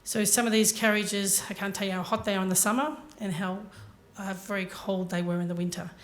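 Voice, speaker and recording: A woman's voice: mid-range voice, fairly even intonation, fairly quick. A woman giving a motivational talk to a conference audience, telling her story earnestly and speaking directly to the listeners. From Ireland.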